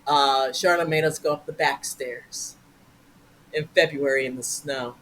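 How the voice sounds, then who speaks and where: A woman guest telling stories in a casual interview, animated and profane, acting out voices. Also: a bass voice, measured pace, slight background noise, poor audio.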